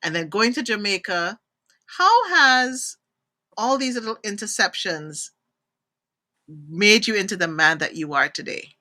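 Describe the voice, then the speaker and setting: A woman from Trinidad hosting a live interview show on a video call, animated and expressive, drifting into tangents. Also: mid-range voice, measured pace. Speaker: host.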